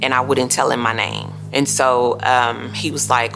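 A woman with a very low voice and a gravelly fry tells her story in an interview. She speaks softly and hesitantly, often answering with a quiet mm-hmm. Faint music plays behind her. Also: level tone, unhurried. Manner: soft, hesitant, many quiet mm-hmms. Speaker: crime survivor interviewee. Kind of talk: emotional first-person recounting.

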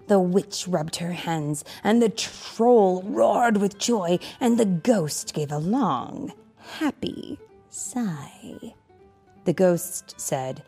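A mother reads a storybook aloud to her child, slow and lively in pitch, with a gravelly fry. She keeps stopping to ask the child questions, and faint music plays behind her. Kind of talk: reading a picture book aloud.

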